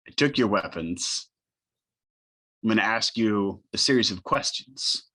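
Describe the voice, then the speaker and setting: A man's voice: fairly low pitch, animated, sharp tone, exaggerated voice. A man playing a grim male warrior who coldly threatens a captive he is interrogating. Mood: menacing. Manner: cold, deliberate threats.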